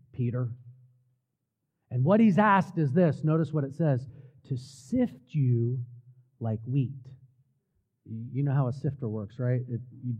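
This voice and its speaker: A man preaching a sermon, slowing down for emphasis and dropping his voice to near quiet at key words. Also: medium pitch. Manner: preaching with slow, emphatic pauses and dramatic drops in volume. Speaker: pastor. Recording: tinny phone-like sound.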